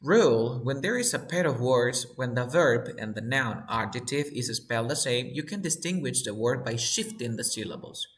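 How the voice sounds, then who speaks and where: A man's voice: mid-range voice, expressive, normal speed, few pauses, fairly bright tone. A man teaching an online English class, patiently drilling students and repeating words to show their stress.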